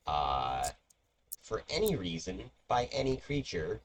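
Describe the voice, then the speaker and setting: A man's voice: deep voice, very animated, slow, background noise. A man narrating as game master of a tabletop game, rambling with many fillers. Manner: meandering, filler-heavy narration.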